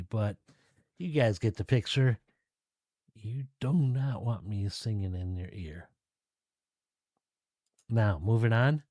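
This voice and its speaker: Slow, mellow-voiced male podcast host. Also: lowish voice, dry recording, studio quality. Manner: relaxed, chatty, addresses listeners directly. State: tired, yawning. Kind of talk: casual solo podcast talk.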